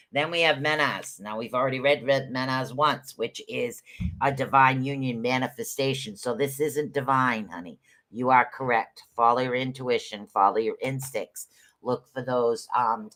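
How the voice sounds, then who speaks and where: A man's voice: medium pitch, fairly bright tone. Rambling, chatty man reading runes live. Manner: chatty, rambling, repeats words, calls listeners honey. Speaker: podcast host giving live rune readings. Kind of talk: casual livestream rune reading.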